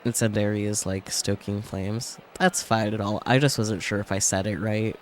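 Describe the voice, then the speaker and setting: A male streamer reads a visual novel aloud, pausing between lines for casual asides while game music plays beneath him. His voice is on the low side with fairly even intonation, at normal speed, with slight background noise.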